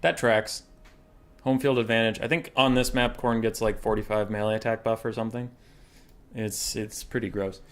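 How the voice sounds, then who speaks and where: A man chatting casually on a livestream as a game streamer and caster, relaxed and reacting to his chat. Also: on the low side, normal speed.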